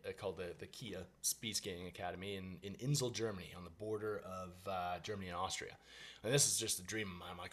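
A young adult man, a podcast guest telling a story in a casual, animated way, acting out his own past lines with lots of fillers and restarts. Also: on the low side. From Canada.

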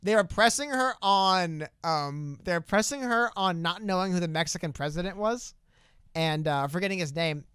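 A man's voice: high-pitched, lively intonation, normal speed, fairly bright tone, smooth, dry recording, studio quality. A young man co-hosting a casual political talk show, arguing emphatically and slipping into mocking impressions. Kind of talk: casual political debate chat.

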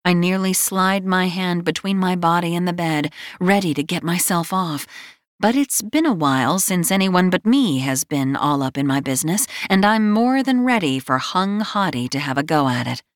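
A woman's voice: lowish voice, animated, moderate pace, dry recording, studio quality. Wry woman narrating a romance audiobook. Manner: wry, breathless, self-mocking storytelling.

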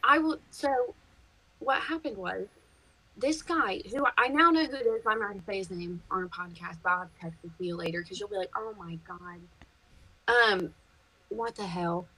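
A woman, a podcast guest, chatting casually and telling lively stories, swearing freely and laughing as she goes. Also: medium pitch, normal speed, slightly rough, rough recording. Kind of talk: casual chat, storytelling.

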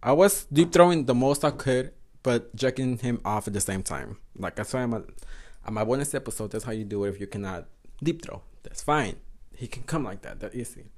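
A man's voice: medium pitch, animated, brisk, darkish tone. A young man, hosting a podcast and telling a story in a frank, profane way, slipping Spanish phrases into English. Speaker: podcast host. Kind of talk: casual storytelling monologue.

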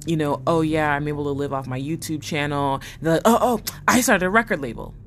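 A young woman in a casual storytime monologue, animated, swearing and acting out the voices she quotes. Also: deep voice. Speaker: vlogger.

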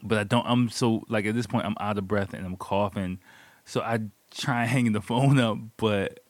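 A man with a somewhat low voice tells a personal anecdote in a loose, profane way, laughing often as he goes. The sound is dry and close, with no room echo. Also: normal speed. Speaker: storyteller. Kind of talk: casual spoken anecdote.

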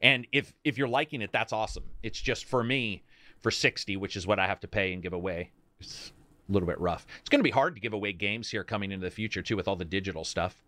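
A man hosting a casual talk stream about video games, rambling and animated, talking to his chat. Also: fairly low pitch, quick pace, no room sound. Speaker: host.

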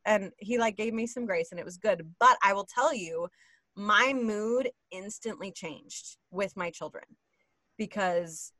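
Animated woman telling everyday stories. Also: medium pitch, slow pace, dry recording. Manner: animated storyteller, acts out quotes. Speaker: podcast co-host, mother of three. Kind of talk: casual chat.

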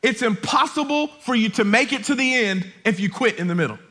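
A man preaching a sermon as a campus pastor on a lapel mic, emphatic, repeating his points and building to shouts. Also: extremely high pitch, expressive, brisk. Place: church auditorium.

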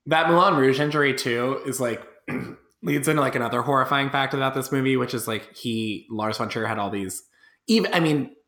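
A man chatting casually on a podcast about a film, wry and drawn-out, trailing off into low asides. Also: a bit bright. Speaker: podcast co-host. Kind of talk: casual film-discussion chat. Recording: roomy echo.

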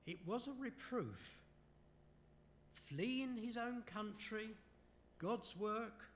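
A man preaching a sermon in an unhurried way, asking his listeners rhetorical questions and making apologetic asides. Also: high voice, expressive, a little hiss or hum. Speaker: preacher leading a Bible study.

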